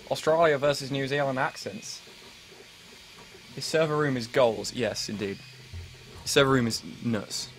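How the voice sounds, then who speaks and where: A man's voice: medium pitch, fairly even intonation, measured pace, long pauses, poor audio. A young man in his late teens with an English accent, chatting casually with viewers on a live stream in a rambling, self-mocking way with many restarts. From England. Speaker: livestream host.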